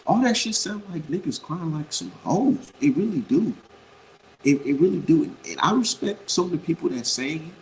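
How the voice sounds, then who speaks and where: A man with a gravelly, fry-edged voice holds forth on boxing in a loose, unscripted rant. He talks bluntly and profanely and circles back to hammer his points home, with a faint hiss under the recording. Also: a little high, very animated, normal speed, a little mellow, rough recording. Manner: rambling, repeats points for emphasis. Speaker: boxing commentator. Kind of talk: casual boxing opinion rant.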